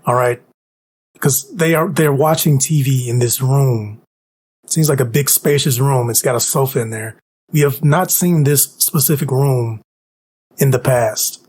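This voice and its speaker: A man's voice: mid-range voice, unhurried, a little mellow, breathy edge. A man co-hosting a podcast, chatting casually and pointing out small details. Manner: observant, detail-noting. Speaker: podcast co-host. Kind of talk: casual chat.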